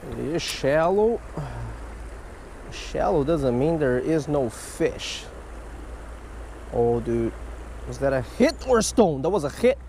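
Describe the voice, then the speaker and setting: Man, high voice, excitable fishing vlogger; outdoor creek take, faint traffic hiss behind. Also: slow pace, pauses often. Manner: excitable, swings from hushed to yelling. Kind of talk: casual outdoor fishing vlog.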